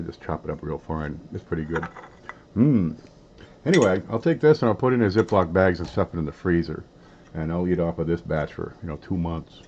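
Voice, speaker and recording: Folksy low-voiced man talking while eating. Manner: folksy, rambling, talks with his mouth full. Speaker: coin collecting channel host. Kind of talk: casual chat while eating on camera. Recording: dull lo-fi sound with faint background noise.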